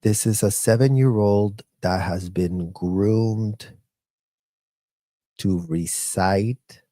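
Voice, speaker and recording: With a warm, lowish voice and drawn-out words, this man is heard in a dry, clean studio recording. A commentator and ex-child member of the group, he vents heatedly and with profanity about his childhood, ranting over and over in bursts.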